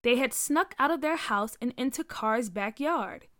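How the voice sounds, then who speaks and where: A woman narrating a story aloud in an expressive way, giving each character a voice. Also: on the high side, measured pace, no echo, clean studio sound.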